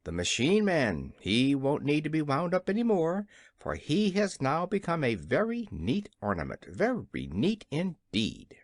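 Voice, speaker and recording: A small, blustering gnome king who growls and roars but startles easily, as voiced by the audiobook reader. His delivery is lively and full of swings, and the recording sounds dry and close. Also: mid-range voice, a little slow, dry recording, full character voice. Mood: gloating.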